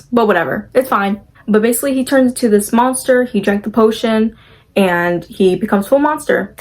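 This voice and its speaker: A young woman with a mid-range voice casually recaps a movie, chatty and full of opinions. She uses lots of "like" fillers and quickly acts out lines from the characters.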